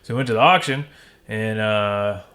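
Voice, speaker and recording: A man's voice: lowish voice, normal speed, bright, forceful tone. A man from Michigan in casual podcast chat, telling rambling, profane stories with lots of quoted dialogue.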